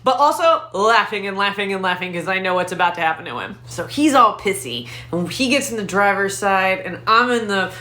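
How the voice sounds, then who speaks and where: A woman comedian telling a profane, animated story in stand-up style. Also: medium pitch, a little fast, few pauses. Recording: roomy echo.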